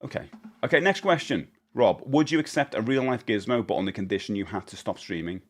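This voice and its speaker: A man's voice: lowish voice, lively intonation, a little fast. A man hosts a live-stream Q&A from his home streaming room, talking into a desk mic. He rambles cheerfully, reads the chat's questions aloud and laughs readily at his own answers. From England. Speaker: livestreamer.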